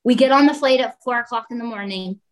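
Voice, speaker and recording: A woman's voice: a little high, fast, low-quality recording. A woman, a guest on a talk show, telling a story in a casual way and acting out the people she quotes. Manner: animated, acts out quoted voices.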